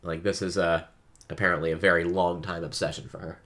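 Man co-host, very low pitch, crisp forceful tone, chatty and full of backchannels. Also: flat delivery, fairly quick. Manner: chatty, frequent listener backchannels. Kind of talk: casual book discussion.

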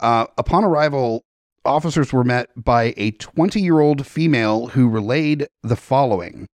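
A man's voice: mid-range voice, animated, moderate pace, darkish tone, no echo. A man co-hosting a casual comedy podcast, reading out a police report with joking asides. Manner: joking, reads a news story aloud with asides. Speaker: podcast co-host.

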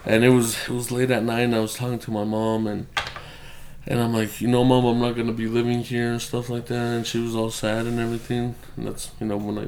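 A man's voice: medium pitch, monotone, fairly quick, a little mellow, slight background noise. A young man telling a loose, rambling story on a casual podcast and laughing often. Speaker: podcast co-host.

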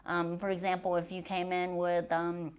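A woman's voice: on the low side, monotone, moderate pace, smooth. A woman physician as a podcast guest, chatty and joking, explaining her medical work in plain terms. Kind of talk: podcast interview.

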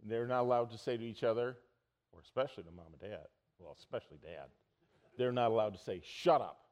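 A man's voice: fairly low pitch, fast, lo-fi sound. Storytelling man preaching a sermon. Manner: storytelling, animated, acts out quotes loudly. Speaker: pastor.

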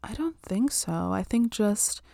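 A woman's voice: medium pitch, expressive, unhurried, gravelly, mellow, no room sound, clean studio sound. A young woman chatting casually about spirituality and self-care, full of "like" and "um" and casual swearing.

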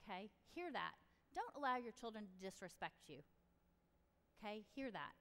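A woman's voice: medium pitch, big pitch swings, moderate pace, a bit bright, big-room sound. A middle-aged woman hosting a parenting talk, chatty and direct, often acting out what parents and kids might say. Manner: chatty, direct, acts out parent and child lines. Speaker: parenting podcast host. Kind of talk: casual advice talk.

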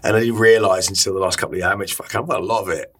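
A man being interviewed as a guest, speaking candidly and reflectively, often halting and repeating words. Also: sits low, steady tone, fairly bright tone, slightly rough.

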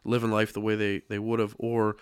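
A low-voiced man hosts a podcast conversation in a dry, close studio sound. He talks in an upbeat, encouraging way, and his voice is a little worn, as if he is losing it. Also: completely flat delivery, moderate pace, smooth, no room sound. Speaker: podcast host. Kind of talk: casual podcast chat.

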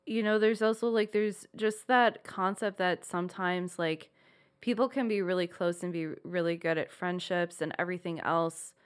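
A woman's voice: lowish voice, steady tone, moderate pace, smooth. A woman co-hosting a podcast in casual chat, rambling with lots of "like" and restarts. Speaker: podcast co-host.

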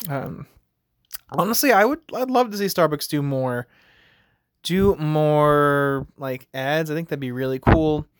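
His voice is fairly high, clear and resonant, and he talks a little slowly with no room sound around him. He's a US podcast host musing on his own in a rambling, casual way, constantly reaching for "like" and "you know."

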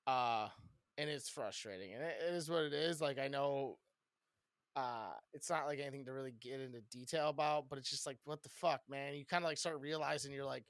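Loud, rambunctious man on a podcast. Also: medium pitch, brisk, no room sound, studio quality. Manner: loud, rambunctious storyteller, swears a lot. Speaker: podcast co-host. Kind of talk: casual podcast chat.

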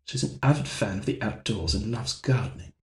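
A man's voice: lowish voice, brisk. A man bantering on a live comedy stream, incredulous and exclaiming. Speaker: reader and player on a comedy show. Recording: roomy echo.

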